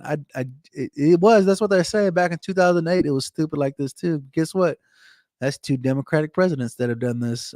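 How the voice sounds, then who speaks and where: A slightly higher-pitched American man rambling through a casual live stream rant, circling back over the same points. His voice sits close and dry on the mic, with no room sound around it. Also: darkish tone, dry recording. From United States. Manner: rambling, repeats phrases, says man and dude. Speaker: live streamer reading chat.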